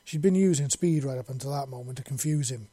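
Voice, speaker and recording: A man narrating a science fiction story in a steady, even reading style. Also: medium pitch, quick pace, no room sound. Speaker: audiobook reader.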